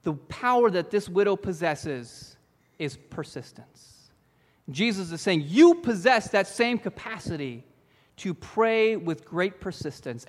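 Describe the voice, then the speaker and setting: A man preaching a sermon, telling a story with lively acted-out lines for its characters. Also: high voice, long reverb tail. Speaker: pastor.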